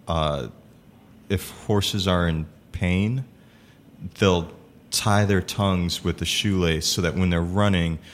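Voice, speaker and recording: Deep-voiced man, halting and thoughtful. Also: slight background noise. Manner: halting, many fillers and restarts. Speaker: improv performer. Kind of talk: casual conversation.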